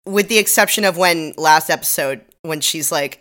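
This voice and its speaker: A woman podcast co-host with a low-pitched voice and a bright, crisp edge. She talks casually through an episode recap, adding dry, sarcastic remarks. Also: normal speed. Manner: sarcastic, wry commentary.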